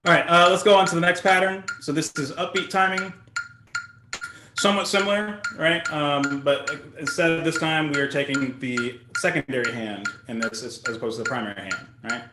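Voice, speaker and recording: A man teaching drumming in a casual, relaxed way, often asking "right?" as he explains patterns. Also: fairly high pitch, a little fast, reverberant, very noisy. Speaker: drum instructor. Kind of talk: casual instructional talk.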